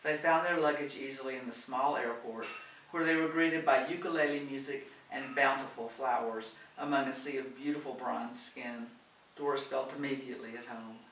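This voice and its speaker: A man reading a novel aloud in a steady, gentle storytelling manner. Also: medium pitch, moderate pace. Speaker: audiobook reader. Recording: roomy, distant, faint hiss.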